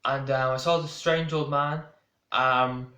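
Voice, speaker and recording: A man's voice: mid-range voice, fairly even intonation, takes it slowly, sharp tone. A man with an Irish accent telling a story to camera in a rambling way, full of restarts and asides. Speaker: vlogger. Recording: roomy echo.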